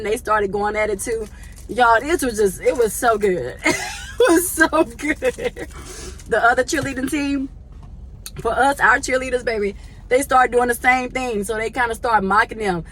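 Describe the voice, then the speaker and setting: Animated, laughing woman vlogger. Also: a little high, slight background noise. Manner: animated, laughing often, chatty; slangy, addresses viewers as y'all. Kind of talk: casual storytelling to viewers.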